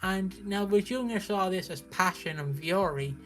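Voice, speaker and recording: A British man recapping a soap opera on a stream in a casual, animated way, with frequent restarts. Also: high-pitched, normal speed, soft background music. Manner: animated storytelling, acts out characters' lines, frequent restarts.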